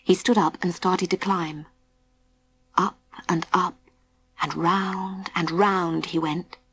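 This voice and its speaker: A woman narrating a children's storybook in a gentle, suspenseful, often hushed way. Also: fairly low pitch, steady tone, slow pace, breathy edge. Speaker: audiobook narrator.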